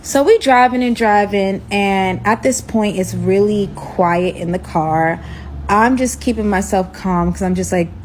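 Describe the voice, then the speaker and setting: A woman's voice: medium pitch, unhurried, a little hiss or hum, poor audio. A young woman casually telling a dramatic personal story, acting out the dialogue as she goes. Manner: animated, dramatic retelling with acted-out dialogue.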